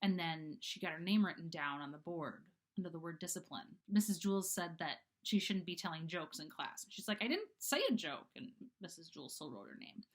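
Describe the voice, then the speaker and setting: A woman's voice: low voice, a little fast, hardly any pauses. A woman casually reading a children's book chapter aloud, chatty, with fillers and asides. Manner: chatty, fillers, animated character voices. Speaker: reader. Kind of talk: casual storybook read-aloud.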